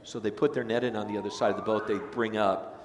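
A man's voice: fairly low pitch, steady tone, quick pace, background noise. A man preaching a sermon as pastor, telling the story casually and acting out the voices. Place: church sanctuary. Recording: echoey sanctuary, long reverb.

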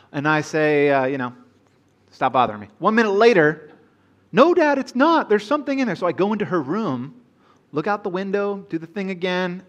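Higher-voiced man preaching a sermon. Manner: playful, joking asides to the congregation. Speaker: pastor. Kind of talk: sermon with scripture reading and personal storytelling.

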